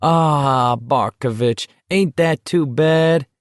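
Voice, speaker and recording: A man's voice: fairly high pitch, fairly even intonation, moderate pace, mellow, dry recording, clean studio sound, pitched above the performer's own voice, lightly acted. A man voicing a jeering teenage boy who taunts in a mocking sing-song in an audiobook. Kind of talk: audiobook character voice.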